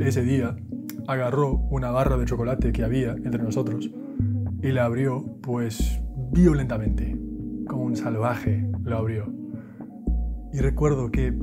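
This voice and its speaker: A man narrating a video essay, shifting between playful self-mockery and dramatic storytelling. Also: medium pitch.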